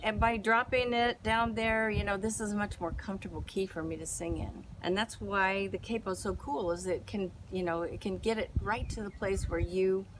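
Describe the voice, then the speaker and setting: A woman's voice: medium pitch, steady tone, normal speed, few pauses, background noise. A woman giving a casual guitar lesson, explaining chords in a chatty, rambling way with plenty of fillers. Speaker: guitar teacher and singer. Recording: guitar playing behind her.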